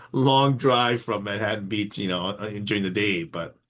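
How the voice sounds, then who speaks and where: A man's voice: fairly low pitch, unhurried, a bit bright. A middle-aged man co-hosting a podcast, rambling in casual chat with many fillers. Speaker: podcast co-host.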